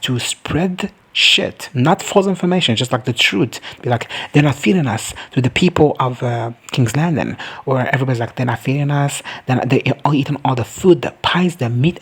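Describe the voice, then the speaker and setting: Casting note: man with a gravelly, husky voice, campy and foul-mouthed recap commentator. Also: medium pitch. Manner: profane, campy, slips into mocking quoted voices. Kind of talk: casual reaction recap.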